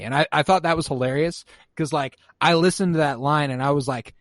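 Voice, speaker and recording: A man's voice: medium pitch, brisk, hardly any pauses, dry recording. A young man co-hosting a podcast, recapping an episode in casual, profane chat. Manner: casual and profane, quoting characters in mock voices. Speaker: podcast co-host.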